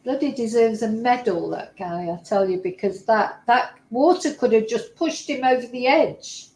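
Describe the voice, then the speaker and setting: A woman's voice: on the high side, normal speed, a little mellow, echoey room, poor audio. A woman commenting live to her viewers on video clips, emotional and exclaiming as she talks. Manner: emotional, exclaiming, tearful at moments. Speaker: YouTuber reacting to videos.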